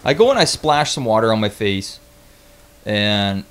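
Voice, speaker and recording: A young man casually telling a travel story on his vlog, animated and swearing freely, with lots of restarts. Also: on the low side, measured pace, clear, resonant tone.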